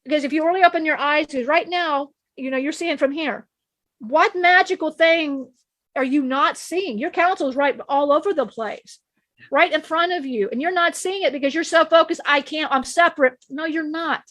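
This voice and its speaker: A woman's voice: sits high, moderate pace, a bit bright, no echo. A woman channeling an ancient divine male teacher. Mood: earnest. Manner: repetitive, emphatic, preachy, with many restarts.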